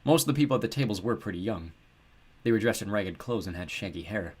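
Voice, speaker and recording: Low-voiced man narrating an audiobook. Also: expressive, fast, breathy edge. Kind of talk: scripted narration.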